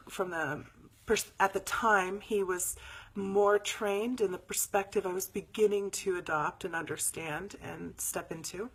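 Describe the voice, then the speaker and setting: A woman hosting a live spiritual show, telling a story in a chatty, animated way and sometimes dropping to near whispers before leading a meditation. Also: medium pitch, slightly rough.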